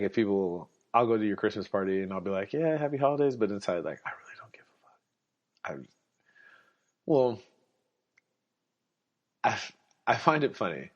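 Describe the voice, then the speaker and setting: A young man with a very low voice rants bluntly in a casual podcast monologue, swearing often and dripping with sarcasm. The recording sounds dull and lo-fi. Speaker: podcast host.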